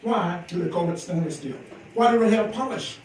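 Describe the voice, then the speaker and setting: A man's voice: high-pitched, lively intonation, fairly quick, a little hiss or hum. An older man from Georgia doing teasing, playful stand-up comedy, chuckling at his own jokes, filmed on a phone from the audience of a large comedy club. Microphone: phone camera from the audience. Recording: echoey club from far off, loud crowd. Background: audience laughter.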